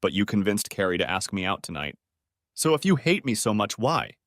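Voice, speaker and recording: A man's voice: fairly low pitch, big pitch swings, brisk, fairly bright tone, no room sound. A man reading the lines of a remorseful middle-aged ex-wife in a sad, pleading way, close to his own narrating voice.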